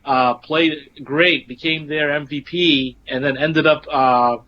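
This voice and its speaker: A man co-hosting a casual podcast, talking in a measured way with lots of ums. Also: on the high side, steady tone, dull audio, slight background noise. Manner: measured, with many fillers. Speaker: podcast co-host.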